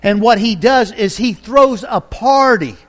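High-voiced preaching man. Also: unhurried. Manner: animated storytelling with rhetorical questions to the congregation. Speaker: pastor. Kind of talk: sermon.

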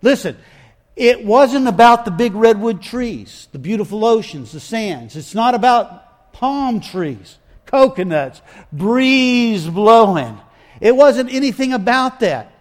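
A man's voice: extremely high pitch, animated, slow pace. A man preaching a sermon in an emphatic, folksy way, often repeating his phrases.

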